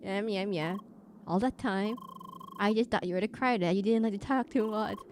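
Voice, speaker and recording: A woman's voice: mid-range voice, normal speed, noisy background. A woman streaming a video game, chatting in a rambling casual way with many fillers and restarts. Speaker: VTuber streamer.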